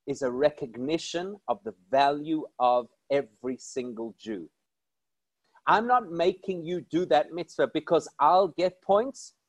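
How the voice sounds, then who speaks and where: Male rabbi, animated storyteller, a touch high-pitched, dry close sound. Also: slightly rough, no echo. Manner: animated, emphatic storyteller with rhetorical questions. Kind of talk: inspirational storytelling talk.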